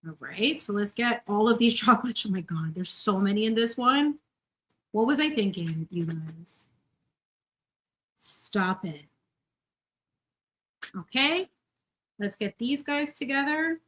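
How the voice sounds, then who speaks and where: A woman's voice: mid-range voice, animated, slow, long pauses, a bit bright. A woman in her thirties hosting a casual live stream from her home kitchen, baking and chatting effusively with viewers. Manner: bubbly and effusive, greets viewers by name. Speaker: channel host.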